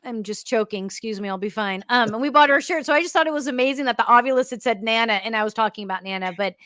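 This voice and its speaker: A woman's voice: on the high side, very fast, sharp tone, no room sound, clean studio sound. A woman co-hosting a paranormal talk show, chatty and upbeat as she addresses viewers. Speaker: co-host. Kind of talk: casual panel chat.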